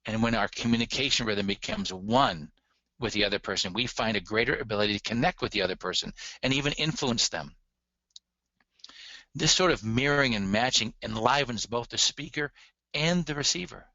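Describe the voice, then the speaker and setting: A man's voice: medium pitch, expressive, brisk, vocal fry, pushed and bright, dry recording, highs cut off. A man giving a recorded lecture on relationship communication, earnest and emphatic, speaking straight to his audience.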